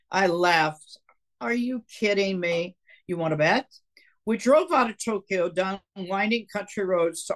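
Older woman reading her memoir aloud. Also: medium pitch. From Minnesota. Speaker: guest author.

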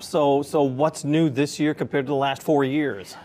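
Male tv host, slightly high voice, upbeat, conversational interviewer. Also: fairly even intonation, moderate pace, a little mellow. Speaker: local TV host.

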